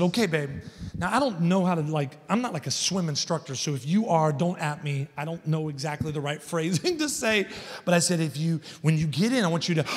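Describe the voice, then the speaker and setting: Guy preaching in a big church, kinda high voice, long echo off the walls, tells stories then gets loud. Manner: storytelling, builds to loud emphatic points. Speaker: guest preacher. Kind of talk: sermon. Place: large church hall. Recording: long church hall reverb.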